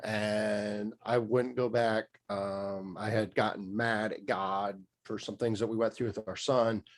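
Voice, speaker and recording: Unhurried and level in tone, a middle-aged man with a lowish voice recounts his story on a podcast. The guest, a mindset coach, rambles candidly through this casual storytelling interview with frequent fillers and restarts.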